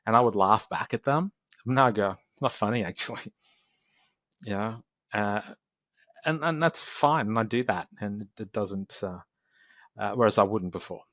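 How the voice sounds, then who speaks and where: A man in his forties, a podcast guest, telling personal stories in a lively way and acting out the remarks of others. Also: on the low side, normal speed, pauses often, no room sound, studio quality. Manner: animated storytelling, acts out quoted exchanges. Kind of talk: podcast interview.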